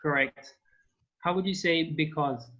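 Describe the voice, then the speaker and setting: A man's voice: a little high, measured pace, pushed and bright. A man whose first language is French, teaching an online language class over a video call, prompting students patiently step by step. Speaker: French tutor. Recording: dull lo-fi call audio.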